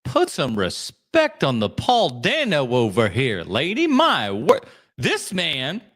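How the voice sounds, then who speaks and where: A man's voice: a little high, huge pitch swings, takes it slowly, a bit bright. A man hosting a podcast, riffing sarcastically and swearing as he reacts live to video clips. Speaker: podcast host.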